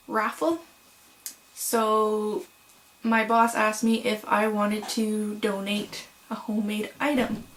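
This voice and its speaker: A young woman chatting casually to camera at home about her crochet projects, with frequent "um"s and "so"s and quick apologies. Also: fairly high pitch, slight background noise, low-quality recording. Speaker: crochet vlogger. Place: home room.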